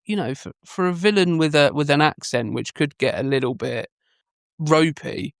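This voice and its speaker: A man's voice: a little high, expressive, moderate pace, no echo, clean studio sound. A man co-hosting a podcast, chatting enthusiastically about a film and quoting its lines. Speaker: podcast co-host. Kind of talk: casual film chat.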